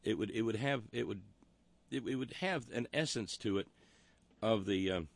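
A man's voice: lowish voice, normal speed, gravelly. A man hosting a talk show, delivering a wry, rambling monologue full of historical asides. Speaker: radio talk show host.

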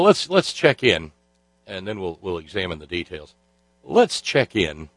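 Male talk host, lowish pitch, close dry sound; sardonic, rambling commentary. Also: no room sound, low-quality recording. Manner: sarcastic, rambling with many filler sounds. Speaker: radio talk show host.

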